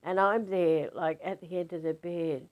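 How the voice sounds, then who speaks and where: Older woman, spiritual teacher, deep voice, rambling animated anecdote with fillers. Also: measured pace, narrow, tinny audio. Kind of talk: casual storytelling.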